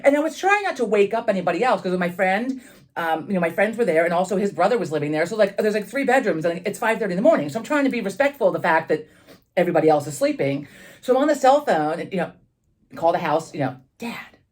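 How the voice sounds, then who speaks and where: A woman spinning a story in a loose podcast chat, words tumbling out at a fast clip. She is animated and swears freely, with fillers everywhere and a voice of ordinary middle pitch. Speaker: podcast co-host.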